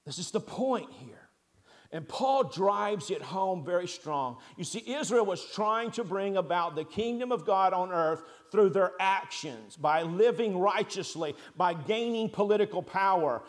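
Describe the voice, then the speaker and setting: A high-pitched man preaching a sermon from the pulpit. He presses his points hard with loud emphatic stresses, drops to quiet asides, and keeps asking his listeners rhetorical questions. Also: lively intonation, a little slow, few pauses. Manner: asks the congregation rhetorical questions. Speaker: pastor.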